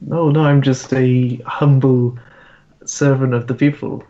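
Man, tabletop game player, easygoing, in-character, mid pitch, slightly muffled lo-fi mic. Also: flat delivery, unhurried, dark tone.

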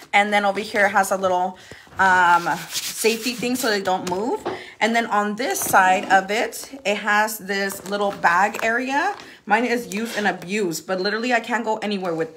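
A bubbly woman talks loosely through a makeup product showcase at home, her voice sitting at an ordinary middle pitch. She laughs easily, throws in playful swearing and leans on lots of "um"s. A faint hiss runs under her voice. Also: pushed and bright. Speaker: makeup influencer selling a product. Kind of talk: casual live product chat.

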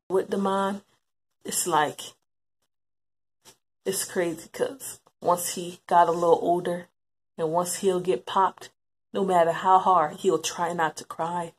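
Woman interviewee, husky voice, slow and reflective personal testimony that repeats lines for weight. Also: on the low side, steady tone. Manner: reflective, repeats phrases for emphasis. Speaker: interviewee recalling her brother.

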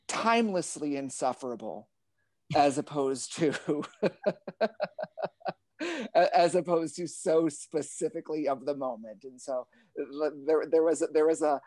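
A man's voice: on the high side, a little mellow, no room sound. A man, a librettist and translator, talking about his work over a video call in a thoughtful, digressive, wry way.

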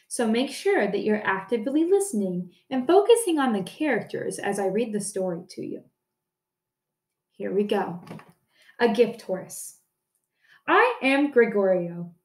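A woman teacher reading a folk tale aloud for a listening lesson, with clear, careful pacing. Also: fairly high pitch. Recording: echoey room.

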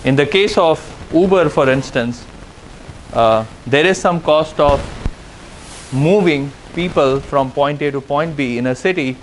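A man's voice: fairly high pitch, a little slow, a little hiss or hum, poor audio. Man lecturing in a classroom. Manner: explains step by step with frequent "uh" and "okay". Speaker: university lecturer. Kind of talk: classroom lecture on game theory.

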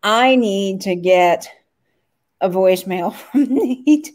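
A woman's voice: mid-range voice, lively intonation, slow, darkish tone. A woman guest on a casual vlog, easygoing and agreeable, laughing along with the host. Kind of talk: casual chat.

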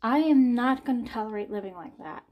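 A woman in her forties talking candidly in a personal vlog. She sounds anxious and near tears, and her speech is halting, with sighs, swearing and repeated words. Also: a little high, lively intonation, lo-fi sound. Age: 40s. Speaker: vlogger.

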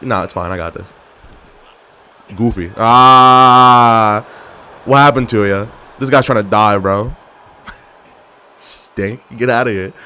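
A man's voice: on the low side, takes it slowly, pauses often, bright, forceful tone, clean tone. A young man giving live gameplay commentary, trash-talking his opponents and getting exasperated with the match. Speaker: gaming commentator.

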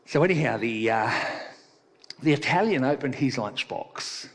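A man preaching a sermon as pastor, talking in a relaxed, conversational way and telling a playful joke. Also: mid-range voice, measured pace. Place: church hall. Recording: long reverb of a church hall.

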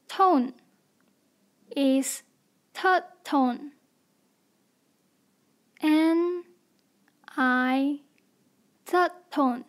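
Woman, language teacher, high voice, very slow and deliberate, spells letters one at a time, instructional drill.

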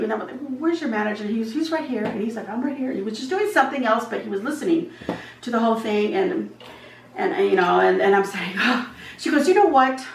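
A woman vlogger casually telling a storytime anecdote, retelling the back-and-forth and acting out the other people's lines as she goes. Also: a little high. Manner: animated retelling, acts out dialogue. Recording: echoey room, voice a bit far from mic, faint background hum.

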